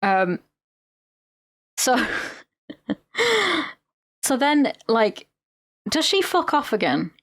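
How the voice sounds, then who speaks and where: A woman's voice: fairly high pitch, very animated, extremely slow, long pauses, no room sound, studio quality. A woman co-hosting a podcast, retelling a film in a rambling, sweary way. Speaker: podcast co-host. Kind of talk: casual film-recap chat.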